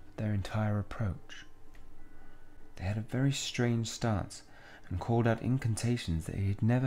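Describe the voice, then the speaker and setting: A courteous old wandmaker speaks softly and evenly, choosing each word with care, as a man reading game dialogue puts him on. The voice is low and unhurried. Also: a little hiss or hum, lightly acted.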